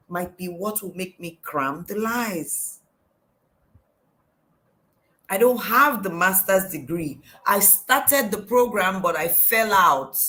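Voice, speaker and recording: A woman's voice: mid-range voice, a bit bright, poor audio. A middle-aged woman with a Nigerian accent, giving a devotional coaching talk, asking question after question in an emphatic way. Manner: questioning, emphatic, repeats "why". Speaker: life coach.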